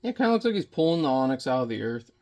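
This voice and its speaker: A man's voice: mid-range voice, big pitch swings, racing, darkish tone. A man chatting casually while he paints in watercolor, rambling and muttering to himself as he works.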